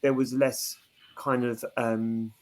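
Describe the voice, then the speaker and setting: A man's voice: mid-range voice, flat delivery, slow, a little mellow. A man, a podcast co-host who reflects aloud in casual chat, stopping often with fillers. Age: 30s.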